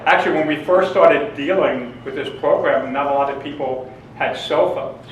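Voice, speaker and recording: A man's voice: fairly high pitch, moderate pace, slight background noise. A man giving a humorous seminar talk to an audience, telling jokes and stories and laughing often. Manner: joking, storytelling, laughs often. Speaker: seminar presenter. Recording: echoey room, mic from a distance.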